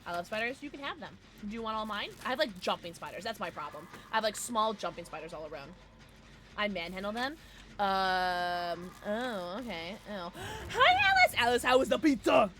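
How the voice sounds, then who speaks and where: A woman streaming a game and chatting casually with her viewers, playful and excitable. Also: medium pitch, moderate pace, slight background noise. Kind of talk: casual gameplay streaming, reading chat.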